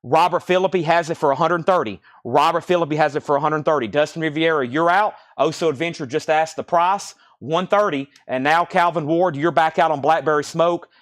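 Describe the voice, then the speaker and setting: A man hosting a live vinyl record sale, rattling off titles, prices and bids in quick auction patter, a little out of breath. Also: on the high side. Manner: rapid-fire listing of prices and bids.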